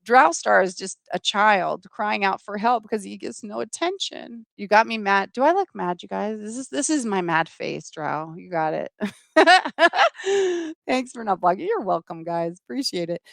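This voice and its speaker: A woman's voice: mid-range voice, very animated, measured pace, gravelly, fairly bright tone, no room sound. A woman hosting a live political commentary stream, reading the chat aloud and scolding trolls with sarcasm.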